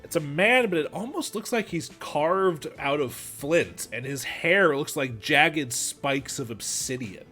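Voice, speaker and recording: Male game master, narrating, bright, slightly high, restarts often, faint music behind. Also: lively intonation. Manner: quick stumbling narration with repeats.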